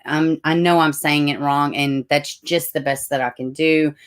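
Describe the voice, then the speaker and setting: A woman's voice: sits low, steady tone, normal speed. A middle-aged woman with a Tennessee Southern accent, hosting a casual livestream, reading news aloud with chatty asides and self-corrections. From Tennessee, USA. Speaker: livestream host.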